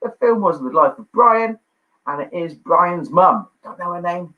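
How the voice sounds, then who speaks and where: A man hosting a livestreamed pub quiz from home, chatty and jokey, reading out answers with quick asides. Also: high-pitched, animated. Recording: dull lo-fi livestream audio.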